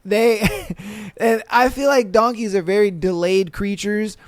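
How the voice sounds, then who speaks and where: A young man hosting a casual solo podcast, loose and profane, acting out drivers and animals in shouted voices. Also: high voice, a little slow, dry recording, studio quality. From western United States. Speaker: podcast host. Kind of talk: casual solo podcast chat, reading and reacting to stories.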